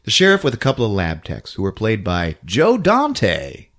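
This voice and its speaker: A man hosting a podcast, recapping a film in an animated, laughing storytelling style. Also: lowish voice, normal speed. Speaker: podcast host.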